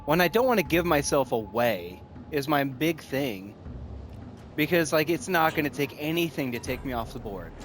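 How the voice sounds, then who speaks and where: A man hosting a gaming video in casual commentary, thinking aloud and breaking into repeated excited exclamations. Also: on the high side, normal speed, a little hiss or hum. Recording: faint music behind the voice.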